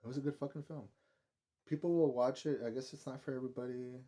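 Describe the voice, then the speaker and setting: A man's voice: medium pitch, fairly even intonation, fast talker, mellow. A man giving a casual, rambling film review, swearing often and filling his talk with "like". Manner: rambling, profane, heavy use of "like".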